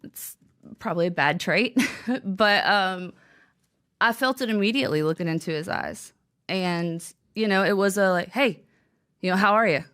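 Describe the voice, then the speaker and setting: A woman's voice: medium pitch, normal speed, fairly bright tone, smooth. A young woman, the author of a memoir, telling her story candidly in an interview, with many fillers and restarts.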